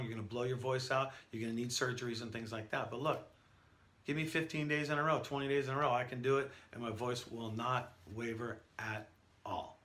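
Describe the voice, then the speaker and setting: Bright-voiced male announcer teaching. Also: medium pitch. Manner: energetic, conversational, storytelling. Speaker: professional event announcer and instructor. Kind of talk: instructional talk to camera.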